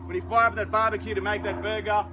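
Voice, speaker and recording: A showy Australian auctioneer works a crowd outdoors, his voice sitting fairly high as he rolls through the sales patter. Faint street noise hums behind him. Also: little pitch movement, fast.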